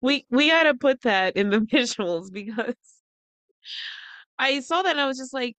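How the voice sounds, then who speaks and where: A woman's voice: fairly high pitch, expressive, moderate pace, fairly bright tone, dry recording. A woman co-hosting a casual gossip podcast, mocking and profane, laughing often. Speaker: podcast co-host.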